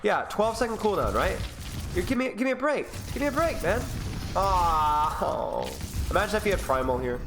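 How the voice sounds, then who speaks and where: A man's voice: sits high, big pitch swings, normal speed, music in the background. A man who is sick, coaching a player through a gameplay review in an exasperated, teasing way, his voice climbing when frustrated. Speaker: game coach.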